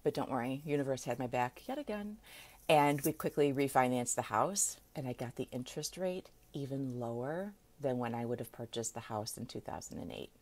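A woman's voice: very deep voice, animated, brisk, a little mellow. A middle-aged woman coach chatting casually on a live video, laughing often and checking in with "right?". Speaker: manifestation coach.

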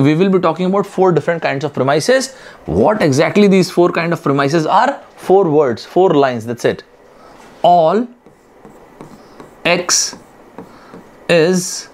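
Lively teacher, animated pitch. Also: male voice. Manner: repetitive, asks and answers students' questions himself. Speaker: exam prep teacher. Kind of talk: online lecture.

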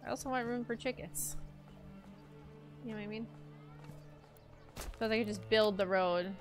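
A young woman with a mid-range voice streams a game at normal speed, with faint music behind her. She chats playfully, talking both to her viewers and to herself as she plays.

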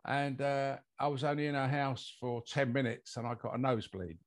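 Guesting on an interview podcast, this older British mold investigator rambles through a lengthy personal anecdote full of fillers. He speaks at normal speed in a steady, mid-range voice.

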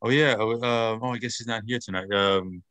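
A man's voice: lowish voice, steady tone, a little fast, a bit bright, clear, resonant tone. A man moderating a casual video-call chat, hesitant and full of fillers and restarts. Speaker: meeting moderator.

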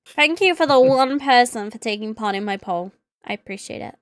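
Higher-voiced woman protesting, dry close sound. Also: lively intonation, a little fast, no room sound. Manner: defensive, protesting, easily flustered. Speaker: guest streamer. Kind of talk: live gameplay chat.

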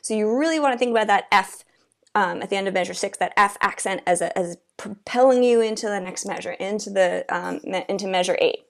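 A woman's voice: mid-range voice, a little fast, vocal fry. A woman teaching an oboe masterclass, chatty and encouraging, singing rhythms aloud as she explains. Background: oboe playing.

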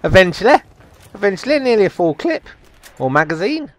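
A man's voice: high voice, very animated, a little fast, a bit bright. A man giving jokey, chatty, self-mocking commentary over a video game. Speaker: gameplay commentator. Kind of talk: casual gameplay commentary.

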